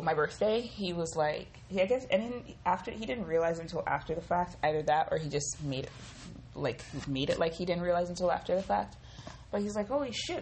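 A woman hosting a podcast from her home kitchen, telling a story in a profane, rambling, animated way. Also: low voice, a little hiss or hum, rough recording. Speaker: podcast host. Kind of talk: casual storytelling monologue.

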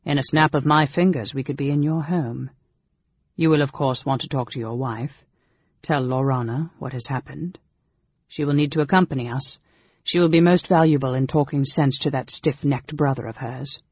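Dalamar, a man voicing a sly, cool dark elf. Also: mid-range voice, steady tone, moderate pace, husky, no room sound. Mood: knowing. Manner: coolly offhand, knowing. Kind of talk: audiobook character reading. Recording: dull lo-fi recording.

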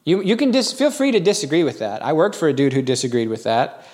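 A middle-aged man preaching a sermon as pastor, telling stories in a folksy way with animated bursts when quoting others. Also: fairly high pitch, fast talker.

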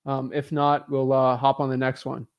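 A man's voice: medium pitch, normal speed, dry recording, lo-fi sound. A man hosting a live stream as a real estate coach, chatting casually with lots of fillers and restarts. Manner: energetic, rambling, many fillers and restarts.

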